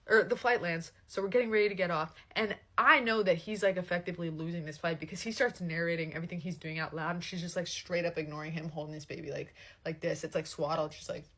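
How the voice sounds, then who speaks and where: A young woman telling a casual storytime, animated and swearing freely, full of fillers. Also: on the low side, fast talker.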